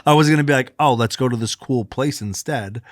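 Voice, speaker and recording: A man in his thirties co-hosting a podcast, telling a long story in casual chat, animated, swearing freely and acting out what people said. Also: mid-range voice, fairly quick, no echo, studio quality. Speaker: podcast co-host.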